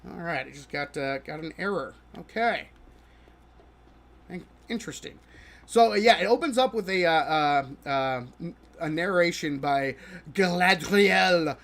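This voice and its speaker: High-voiced exasperated male streamer. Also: expressive, a bit bright. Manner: exasperated, mocking, laughing often; halting with many restarts. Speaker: live streamer. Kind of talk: live-stream reaction commentary while gaming.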